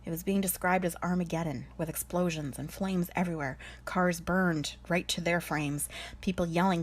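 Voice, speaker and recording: A woman with a husky, slightly breathy voice, sitting a little low in pitch. She tells her own story as a medium, candid and chatty, often easing down to a hushed near-whisper. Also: normal speed. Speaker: spiritual medium. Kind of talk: personal storytelling.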